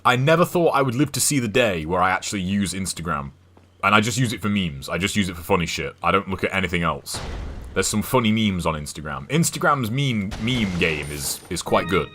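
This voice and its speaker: A man's voice: sits low, animated, fairly quick, fairly bright tone, a little hiss or hum. A young English man streaming a game, rambling and chatting casually, swearing now and then. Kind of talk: casual chat while gaming.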